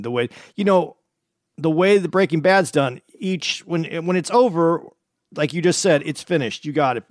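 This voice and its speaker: A man's voice: fairly high pitch, no echo, studio quality. A man chatting casually on a podcast, rambling and repeating words as he searches for them.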